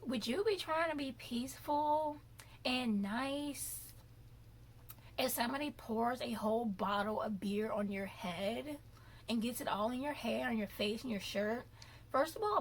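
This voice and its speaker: Woman, young adult, vlogger, opinionated rant, animated, slightly high voice. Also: breathy edge. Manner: animated ranting, drawn-out emphasis. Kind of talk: opinionated commentary vlog.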